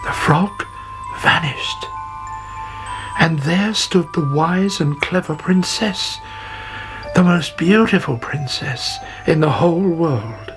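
A storyteller reading a fairy tale aloud in a measured way. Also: medium pitch, over music, low-quality recording. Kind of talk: scripted fairy tale narration.

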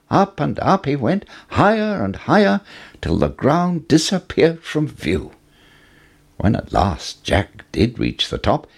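Guy reading a fairy tale, slow and super expressive, husky voice. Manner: very expressive, swooping pitch, slow. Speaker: storyteller. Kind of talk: storybook narration.

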